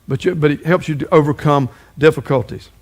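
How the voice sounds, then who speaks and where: A man's voice: fairly high pitch, a little fast, a little mellow. A man preaching a sermon as pastor, folksy and conversational, often stumbling and repeating words.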